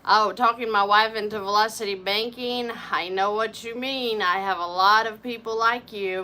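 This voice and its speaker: Woman host, live Q&A, warmly effusive, bright edge, chatty greetings. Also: medium pitch, fairly even intonation, normal speed, hardly any pauses. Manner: upbeat, greeting viewers by name and hometown. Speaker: livestream host reading viewer chat. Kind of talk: casual live Q&A chat.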